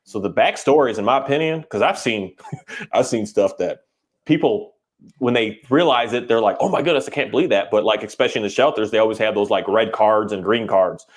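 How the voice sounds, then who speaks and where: Telling stories on a laid-back podcast, a dog trainer gets animated and performs the quoted voices himself. He speaks a little fast in a lowish voice.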